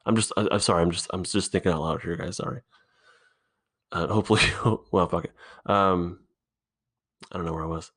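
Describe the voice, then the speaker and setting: A man hosting a solo podcast, thinking out loud in a halting, rambling way, swearing often, recorded in an indoor room. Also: low-pitched, fairly even intonation. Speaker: podcast host.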